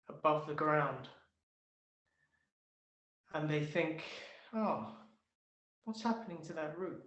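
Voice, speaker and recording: An ancient, bitter tree that has stayed silent for decades and now bursts out in high, sharp shouts and sobs. It rants at God in indignant, grumbling complaints. The sound carries the echo of a room over a video call. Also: male voice. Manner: wailing, shouting, sobbing outbursts. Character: furious old male tree, bitter and grumbling.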